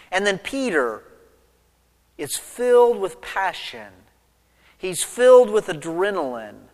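A man's voice: high voice, very animated, takes it slowly, pauses often, a little mellow, big-room sound. A man preaching an expository sermon, retelling the story vividly and putting rhetorical questions to his listeners. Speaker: pastor.

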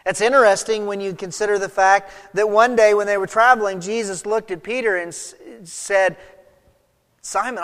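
A male pastor delivers a sermon in a fairly high voice, dropping soft and then pressing hard for emphasis. He speaks in a church, and his words trail off into a long hall reverb. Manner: expressive, swings between soft and emphatic.

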